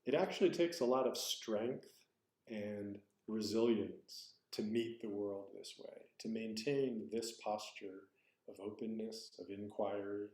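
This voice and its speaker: Man, Zen teacher, dharma talk, reflective, self-correcting, lowish voice, roomy echo. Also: darkish tone. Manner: reflective and searching, corrects himself aloud.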